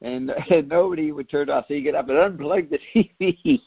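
Host: man with a gravelly, husky voice, quick to laugh, dull dry lo-fi sound. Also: a little high, no echo. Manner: laughs often, asks short questions. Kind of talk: casual political chat.

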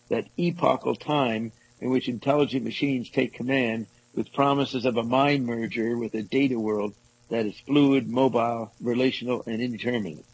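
A man reading passages from a book aloud to a small group and commenting on them, halting and rereading lines as he goes. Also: medium pitch, gravelly, a little mellow, slightly rough, no room sound, low-quality recording. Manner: halting, restarts and rereads passages, asides to listeners. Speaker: discussion leader reading from a book.

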